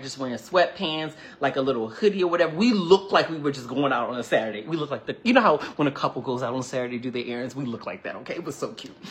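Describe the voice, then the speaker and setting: A man hosting a livestream, telling a personal story to viewers in a chatty, animated way, often acting out quoted dialogue and thanking people between lines. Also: a little high. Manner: chatty and animated, full of "like" and "you know". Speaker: livestream host. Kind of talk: casual storytelling to a live audience.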